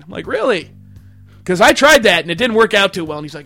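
Host, male, high and bright voice, crude laughing storyteller, faint music underneath. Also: big pitch swings, fast, vocal fry. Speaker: podcast host. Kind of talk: casual storytelling chat.

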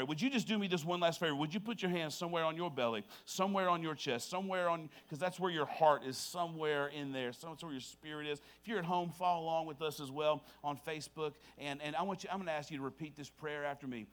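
A man's voice: a little high, fairly quick, a bit bright. A man preaching a sermon as pastor, moving from prayer to humorous stories to impassioned preaching.

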